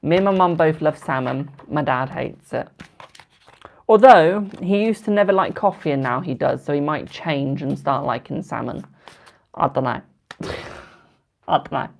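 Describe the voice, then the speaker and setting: A young man in his twenties runs a live tarot stream, loose and gossipy, warmly calling everyone darling and boo. His voice carries a slightly gravelly, fry-tinged texture at the ends of phrases, and his delivery stays chatty and unhurried. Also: fairly high pitch. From United Kingdom. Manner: chatty and affectionate, calls viewers darling and boo. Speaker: tarot reader. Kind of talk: live-stream card readings, casual chat.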